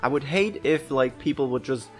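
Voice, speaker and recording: A man's voice: normal speed, soft background music. Chatty German-accented man. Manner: chatty, laughs easily, pitch jumps high when excited. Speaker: gaming video creator. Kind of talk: casual Q&A.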